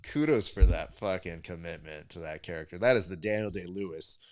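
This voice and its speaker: Animated storytelling man hosting. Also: deep voice, brisk. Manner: animated storyteller who acts out quotes. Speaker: podcast host. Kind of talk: casual chat.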